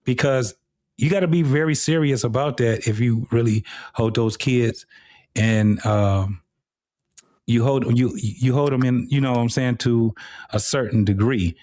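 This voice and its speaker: A man's voice: mid-range voice, a little slow, a little mellow, no echo, clean studio sound. A middle-aged man hosting a live talk show, speaking bluntly and casually with frequent profanity. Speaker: host.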